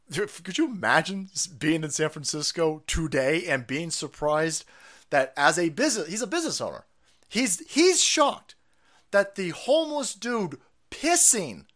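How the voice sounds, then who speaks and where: A man hosting a stream, ranting loudly about politics with constant swearing and bursts of laughter. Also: high-pitched. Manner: loud, swearing, laughing at his own jokes. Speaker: stream host. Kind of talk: profane political rant.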